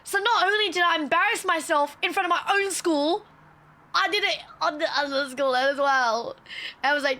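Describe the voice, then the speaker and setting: Animated high-voiced woman streamer. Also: moderate pace. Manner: animated, swears freely, acts out quotes. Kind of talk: casual storytelling on a livestream.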